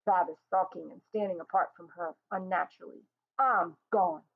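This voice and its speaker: A woman reading a stage play aloud, giving the stage directions in an even, matter-of-fact way. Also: on the low side, a little fast, gravelly. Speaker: reader. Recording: tinny phone-like sound.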